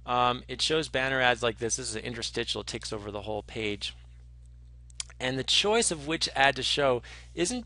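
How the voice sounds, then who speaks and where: A man giving a conversational lecture who explains ideas through animated storytelling, with frequent ums and restarts. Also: mid-range voice.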